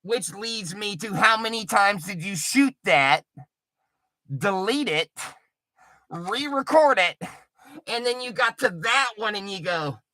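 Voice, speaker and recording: Taunting, foul-mouthed middle-aged man, lively pitch. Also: slow, pauses often, dry recording. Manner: profane, taunting and mocking. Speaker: livestreamer. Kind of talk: rambling livestream rant.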